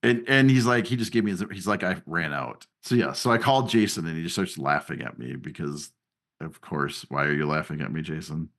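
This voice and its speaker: A man co-hosting a podcast in casual chat, telling a story with animated, rising emphasis. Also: rumbling low, brisk. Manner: animated storyteller, voice jumps up when worked up. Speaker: podcast co-host.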